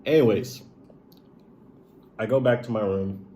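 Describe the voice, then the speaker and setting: A man's voice: fairly low pitch, measured pace, dark tone, slight background noise. A man retelling a painful personal story in a casual, emotional, profane way, full of "like" and "bro". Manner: emotional, profane, filler-heavy, says "bro" often.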